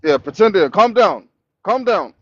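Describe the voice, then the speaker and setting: A man needles his opponent in a live online debate, coming back to the same mocking line. His voice is somewhat high and moves around a lot. It comes through dull, lo-fi call audio that sounds close and dry. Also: lively intonation, moderate pace, no room sound. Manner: mocking, repeats the same taunt. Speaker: debate participant.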